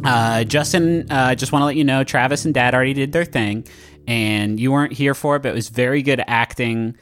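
A man's voice: mid-range voice, fairly quick, fairly bright tone, soft background music. A man narrating a tabletop game as game master in a casual, filler-heavy way.

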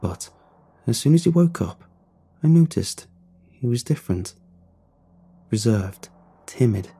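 Dark, husky male horror narrator. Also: medium pitch. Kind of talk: first-person horror story narration.

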